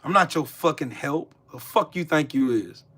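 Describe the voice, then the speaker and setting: A man's voice: fairly high pitch, lively intonation, moderate pace, fairly bright tone, breathy edge. A man hosting a live stream, ranting angrily and cursing as he talks back to his chat. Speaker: livestream host. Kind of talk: angry live-stream rant.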